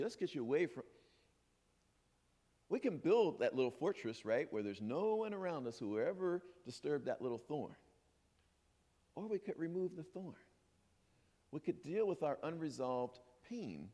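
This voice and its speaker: Male minister, animated sermon, lightly higher voice, echoing sanctuary. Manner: lively, playful, acts out imagined voices. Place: church sanctuary. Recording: long hall reverb.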